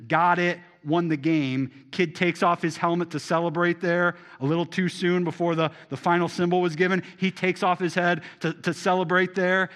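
A man preaching a sermon to a congregation, asking them rhetorical questions and swinging between loud emphasis and quiet asides. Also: a little high. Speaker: pastor.

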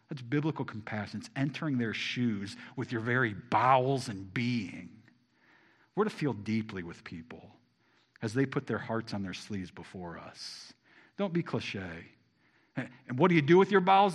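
Addressing his congregation with rhetorical questions, this pastor alternates between forceful, loud points and hushed asides in his sermon. His voice is mid-range with a breathy edge.

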